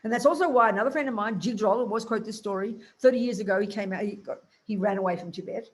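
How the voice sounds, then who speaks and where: A woman's voice: mid-range voice, quick pace. Blunt, emphatic woman Buddhist teacher.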